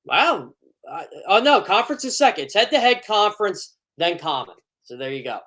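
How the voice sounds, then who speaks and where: A male sports writer appearing as a radio guest, talking in a chatty, opinionated way with quick asides to the host. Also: high-pitched, sing-song, pushed and bright.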